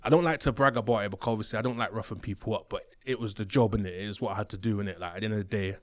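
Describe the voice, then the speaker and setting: A man telling stories from his days as a prison officer, slangy and animated, acting out the voices of the people he describes. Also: fairly low pitch, racing, no echo. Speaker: interview guest, former prison officer. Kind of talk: casual storytelling. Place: studio.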